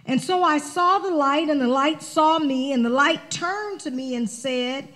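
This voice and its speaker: A woman spiritual director preaching a sermon, telling a personal story in an animated, conversational way. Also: sits high, unhurried, hardly any pauses.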